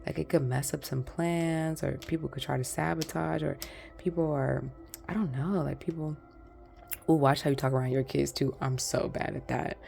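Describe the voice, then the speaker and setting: A woman's voice: sits low, fairly even intonation, moderate pace, vocal fry, darkish tone, soft background music. A woman giving a casual pick-a-card tarot reading, talking in a rambling, chatty way straight to her viewers. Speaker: tarot reader.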